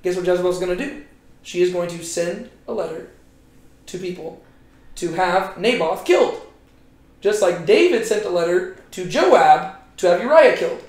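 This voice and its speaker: Brief: high-pitched man leading a Bible study, chatty, lots of "like", roomy echo. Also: moderate pace. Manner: animated, frequent "like" and "right?". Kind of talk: casual Bible teaching. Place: Bible study room with a group.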